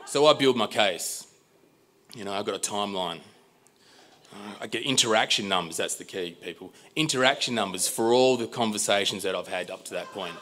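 A man with an Australian accent telling a live personal story, animated and exasperated, swearing and acting out dialogue. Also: fairly low pitch, fairly quick.

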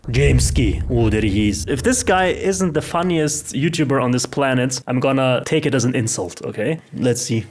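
A man's voice: mid-range voice, moderate pace, a little hiss or hum. A young man from Austria, answering fan questions in a brash, cocky, profane and joking way. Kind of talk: casual Q&A vlog.

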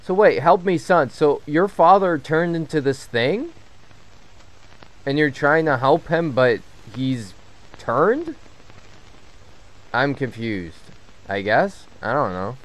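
A man giving casual commentary while playing a horror game, swearing a lot and getting jumpy and loud when something startles him. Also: mid-range voice, expressive, takes it slowly, pauses often, rough recording. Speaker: gamer and channel host. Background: game music.

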